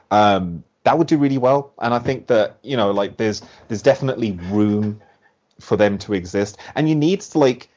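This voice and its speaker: A man guesting on a podcast in casual chat, animated and rambling, with lots of "like". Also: on the low side. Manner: animated, rambling, heavy use of "like". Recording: dull lo-fi podcast audio.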